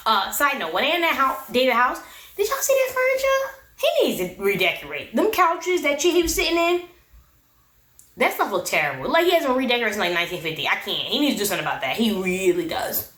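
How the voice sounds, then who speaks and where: A woman's voice: on the high side, sing-song, brisk, fairly bright tone, reverberant. Sassy young woman recapping reality TV. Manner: sassy, exasperated, quoting people in mock voices. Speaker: TV recap host. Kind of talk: casual recap commentary.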